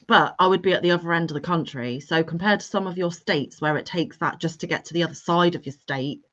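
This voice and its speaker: A woman's voice: fairly low pitch, quick pace, a bit bright. A woman hosting a livestream, chatting casually and teasing her guest and viewers. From England. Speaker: livestream host. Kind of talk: casual chat. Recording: dull lo-fi stream audio.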